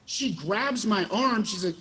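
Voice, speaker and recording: A man, a former child actor, telling animated stories in a casual interview and acting out the quotes. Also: high voice, a little slow, slightly rough. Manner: animated storyteller, acts out quotes with laughs.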